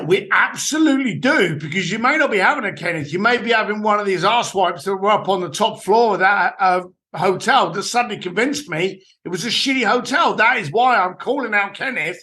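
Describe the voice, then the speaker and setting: A man, a guest on a podcast, giving blunt, animated business advice with casual swearing. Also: sits high, fairly quick. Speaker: guest, entrepreneur and author. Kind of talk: podcast interview, storytelling advice.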